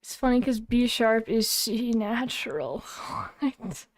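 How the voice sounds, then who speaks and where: A woman's voice: fairly high pitch, expressive, slow pace, no echo, clean studio sound. A young woman streaming live, chatting casually and playfully teasing her chat. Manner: playful, teasing, self-mocking.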